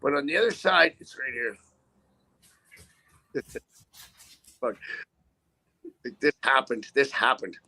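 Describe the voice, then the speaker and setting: Indignant trucker man, rambling and profane, high sharp gravelly delivery. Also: lively intonation, takes it slowly, long pauses. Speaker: trucker guest. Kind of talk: casual rant.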